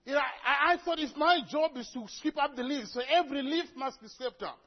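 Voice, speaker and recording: A man's voice: very high voice, a little fast, lo-fi sound. A man from Africa preaching a sermon to a congregation, telling stories with humorous asides. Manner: lively storytelling with humorous asides. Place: church before a congregation.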